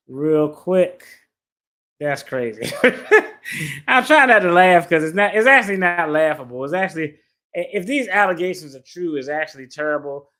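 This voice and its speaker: An attorney reads a legal complaint aloud and reacts casually, blunt and profane, with slangy asides. His voice is on the high side and a bit bright.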